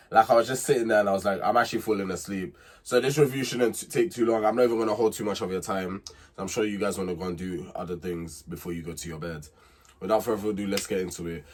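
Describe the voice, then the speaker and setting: A young man talks through a reality show recap in a low, husky voice. His delivery is loose and unscripted, full of fillers and restarts, and it grows emphatic whenever he shares a strong opinion. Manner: chatty and candid, with fillers and repeats; emphatic when giving opinions. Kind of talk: casual recap commentary.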